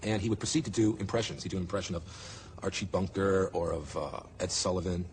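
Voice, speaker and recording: A man in a documentary interview, retelling a stage show with lively acted-out reactions. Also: sits low, fast talker, a little hiss or hum. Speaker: interviewee recalling a comedian.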